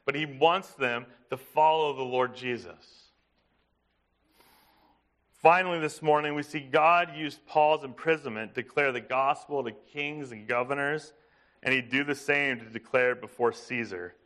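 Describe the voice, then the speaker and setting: A man preaching a sermon, emphatic, asking his listeners questions and slowing down to stress a point. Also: mid-range voice, a bit bright. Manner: emphatic, asks the congregation questions. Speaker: pastor.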